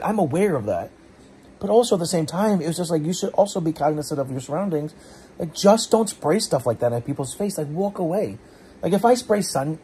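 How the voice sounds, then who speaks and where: A man vlogs about a frustrating day in a loose, rambling way, full of restarts and second-guessing. His voice sits a little high and sounds husky. Allergies leave him congested. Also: warm tone. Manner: frustrated, rambling, self-questioning, many restarts and fillers. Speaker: vlogger. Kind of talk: casual storytelling to camera.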